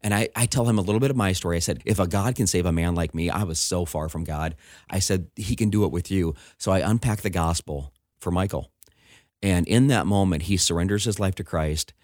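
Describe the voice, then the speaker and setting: A middle-aged man with a fairly low voice tells a personal story as a pastor in relaxed conversation. He is animated, quick to act out the voices of others and to laugh. The sound is close and dry. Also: dry recording. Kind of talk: personal testimony in casual conversation.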